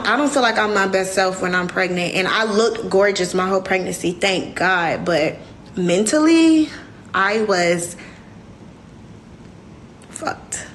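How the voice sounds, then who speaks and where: A woman's voice: medium pitch, fairly bright tone, slight background noise. A young woman, hosting a casual livestream and speaking candidly and emotionally to her viewers. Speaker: livestream host.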